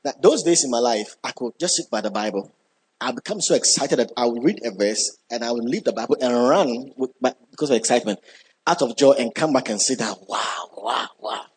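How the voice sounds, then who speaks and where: A man preaching a sermon, emphatic, repeating key words and building up when excited. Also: mid-range voice, a little fast, husky.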